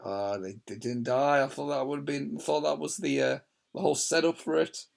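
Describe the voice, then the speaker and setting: Gravelly man in casual commentary. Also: fairly high pitch, fairly even intonation, moderate pace. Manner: rambling, chatty, laughs often. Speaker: film commentator. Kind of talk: casual chat. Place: lying in bed indoors.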